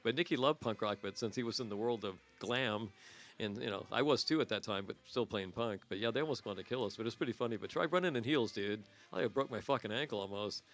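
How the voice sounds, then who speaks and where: A man's voice: on the low side, fast, a bit bright. A man in his sixties, a guest musician, telling stories in casual chat. He laughs a lot and acts out what other people said.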